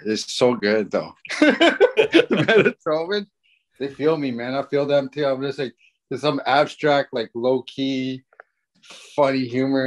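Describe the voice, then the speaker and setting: Joking Canadian man in his forties. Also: mid-range voice. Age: 40s. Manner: laid-back, joking, rambling. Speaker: podcast guest, fishing guide. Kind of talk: casual chat.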